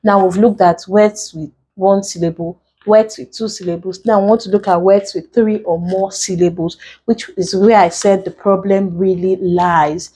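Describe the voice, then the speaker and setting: A woman with a medium-pitched, steady, mellow and husky voice teaches an exam-prep English lesson in a Nigerian accent. As an English tutor, she explains the rules step by step, speaking slowly and deliberately and spelling out letters.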